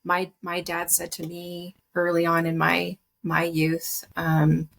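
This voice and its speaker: A woman speaking as a podcast guest, soft and reflective, often hesitating and restarting her sentences. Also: fairly low pitch, completely flat delivery, slow pace, vocal fry, slight background noise. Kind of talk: personal conversation.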